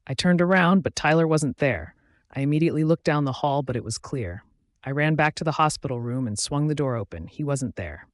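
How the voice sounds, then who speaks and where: A man's voice: on the high side, animated, moderate pace, dry recording. Man reading an audiobook, dry and close. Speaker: audiobook narrator. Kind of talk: first-person audiobook narration.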